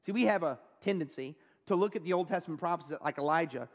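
A male pastor giving a sermon, earnest, slowing down and pausing to stress key phrases. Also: on the high side. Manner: earnest preaching, pauses and slows down on key phrases. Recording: long reverb of a large hall.

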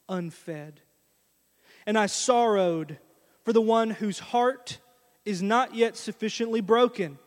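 A man preaching a sermon in a church, telling a story in an animated way and speaking straight to the congregation. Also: sits high. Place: church sanctuary. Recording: long reverb of a church hall.

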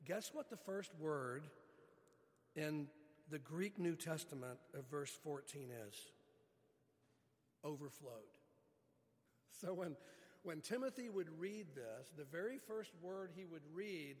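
A man's voice: fairly high pitch, lively intonation, slow pace, pauses often, long reverb tail. A man preaching a sermon as pastor, earnest, stretching key words for emphasis.

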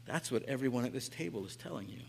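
A man's voice: mid-range voice, expressive, fast talker, gravelly, a little hiss or hum. A man in his late forties giving a sermon as a pastor, telling stories in a casual, chatty way and often tagging on "right?". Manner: casual, chatty, frequent tag questions. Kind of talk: conversational sermon storytelling. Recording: echoey hall.

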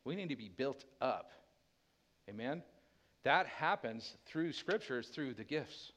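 A pastor preaching a sermon with a dynamic delivery, dropping to a hushed tender voice and rising loud again. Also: male voice, medium pitch, animated, slow pace.

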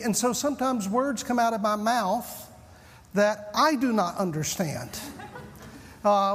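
Man, 50s, Southern US accent, pastor, folksy joking sermon, rather high voice, reverberant hall. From Southern United States. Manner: folksy, self-deprecating storyteller. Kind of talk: humorous sermon opening.

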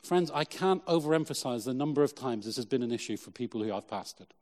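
A middle-aged man, a pastor, preaching a sermon with emphatic, slow, repeated phrases. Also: medium pitch, lively intonation, a little mellow, big-room sound.

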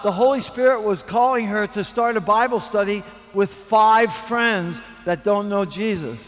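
Man, pastor, sermon, high voice, unhurried storytelling, long hall reverb. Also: fairly bright tone. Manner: storytelling, slow and emphatic, rising to fervent peaks.

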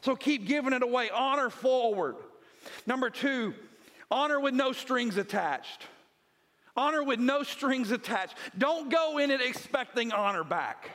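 A man with a strikingly high voice preaches a Sunday sermon. He tells scripture stories vividly and drives each point home by repeating short phrases. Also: animated, a little slow, fairly bright tone. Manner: retells scripture as vivid storytelling. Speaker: pastor.

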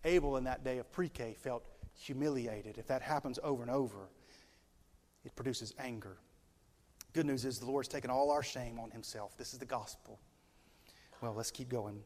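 A man preaching a sermon as a pastor, emphatic and stretching key words slowly for weight. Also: medium pitch, a little mellow. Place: large church sanctuary. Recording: long reverb of a large hall.

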